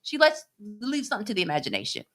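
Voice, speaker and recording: A woman's voice: medium pitch, wildly swooping pitch, rapid-fire, fairly bright tone. A woman co-hosting a casual podcast, reading chat comments and laughing as she acts out quoted voices.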